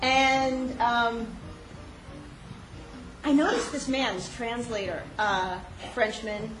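A woman telling a personal story with animated delivery, frequent laughs and many fillers. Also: a little high, takes it slowly, music in the background. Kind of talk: personal story told on stage. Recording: echoey room with noise.

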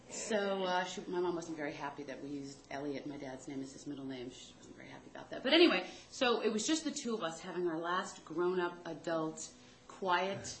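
A woman's voice: lowish voice, reverberant, a little hiss or hum, low-quality recording. A woman telling a rambling, self-deprecating comic story about her family in a chatty way.

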